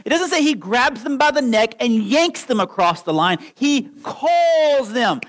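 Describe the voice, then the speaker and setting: Guy preaching, really high voice, goes quiet then loud telling his story. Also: a little slow, rough recording. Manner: animated storytelling, swings from hushed to loud. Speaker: pastor. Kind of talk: sermon with personal testimony.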